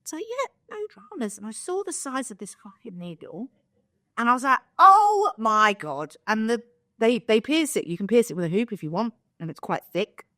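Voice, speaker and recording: A woman's voice: a little high, a little fast, no room sound, clean studio sound. A young woman co-hosting a podcast, telling a story in casual chat, acting out quotes and swearing freely. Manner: animated, swears, acts out quotes. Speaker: podcast co-host.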